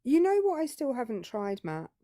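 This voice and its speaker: A woman's voice: on the high side, very animated, normal speed, dark tone. A British woman co-hosting a casual political live stream, speaking frankly and swearing freely. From Britain. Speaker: co-host.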